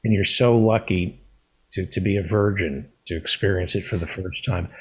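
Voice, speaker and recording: Effusive, husky-voiced male show host. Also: deep voice, moderate pace, rough recording. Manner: effusive, repeats himself for emphasis. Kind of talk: casual chat.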